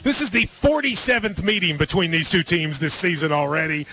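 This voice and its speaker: A man's voice: sits high, big pitch swings, brisk, sharp tone, a little hiss or hum. A man hosting a casual radio sports talk segment, playful with jokey asides.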